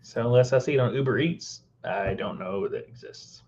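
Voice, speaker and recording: A man's voice: mid-range voice, normal speed, darkish tone. A man co-hosting a casual chat, rambling and circling back to repeat his words. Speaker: podcast co-host. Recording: dull lo-fi recording.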